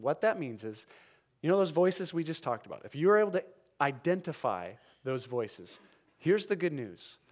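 Earnest male pastor preaching a sermon. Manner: earnest, dynamic, drops to soft emphatic lows.

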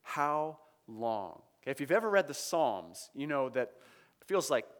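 A man's voice: medium pitch, very animated, brisk. A man preaching a sermon, teaching through scripture in a conversational way, reading verses aloud with emphasis and checking in with his listeners.

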